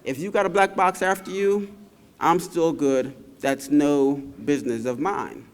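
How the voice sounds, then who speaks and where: A complacent farmyard cow, as a man telling a fable puts him on, dropped lower and unbothered. The voice rings with long hall reverb. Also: fairly even intonation, measured pace, natural voice. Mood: dismissive. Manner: dismissive, unbothered.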